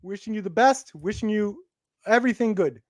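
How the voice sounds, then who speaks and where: A playful man with a notably high voice co-hosts a live stream and jokes around. His voice sounds dry and close, with no room around it. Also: animated, brisk, dry recording. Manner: playful, jokey, laughs often. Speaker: co-host of a live movie talk show. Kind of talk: casual live-stream chat.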